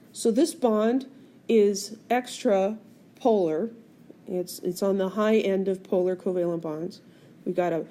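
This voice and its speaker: A mellow, medium-pitched female voice leads a chemistry screencast lecture recorded on a tablet. The teacher breaks ideas down step by step and asks the class questions along the way.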